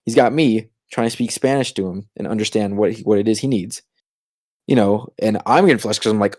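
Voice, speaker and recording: A young man co-hosting a casual podcast, telling a story in an animated way and acting out what others said. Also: fairly low pitch, fast talker, no echo, clean studio sound. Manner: animated, acts out quoted voices. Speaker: podcast co-host.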